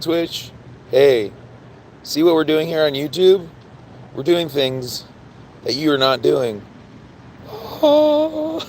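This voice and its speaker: A hoarse man chatting casually on a live stream, playful and teasing, repeating himself. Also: fairly high pitch, a little mellow, slight background noise.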